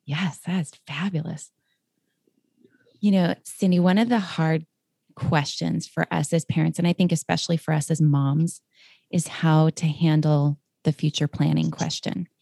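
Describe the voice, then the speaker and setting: A woman hosting a podcast who asks measured, gentle questions. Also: sits low, fairly even intonation, vocal fry, breathy edge, dry recording. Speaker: podcast host. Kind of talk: interview questions.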